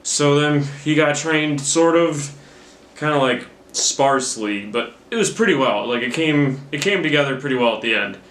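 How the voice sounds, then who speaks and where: A man's voice: on the high side, expressive, normal speed, fairly bright tone. Rambling, profane young man in a roomy room. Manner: rambling, profane, self-mocking. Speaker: movie reviewer. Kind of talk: casual rambling movie recap. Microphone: camera mic. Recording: roomy camera-mic recording.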